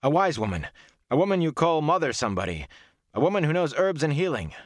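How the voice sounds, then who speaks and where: A man's voice: a little high, sing-song, quick pace, no room sound, studio quality, voice pushed up. A man voicing a desperate young male hero in a fantasy audiobook, with raised, urgent calls. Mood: pleading.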